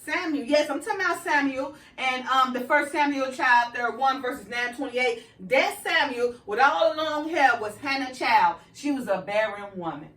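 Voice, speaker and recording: A woman preaches an informal sermon in a high voice, conversational and full of "right?" and "you know". The room is echoey and she sits some way back from the microphone. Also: moderate pace, hardly any pauses, a bit bright, recorded from a distance.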